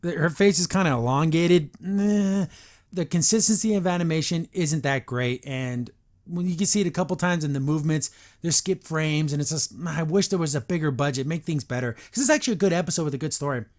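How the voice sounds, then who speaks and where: A man's fairly quick, slightly high voice carries this podcast episode review, which is chatty and full of opinions. He keeps leaping into lively put-on character lines, then drops back into regular commentary.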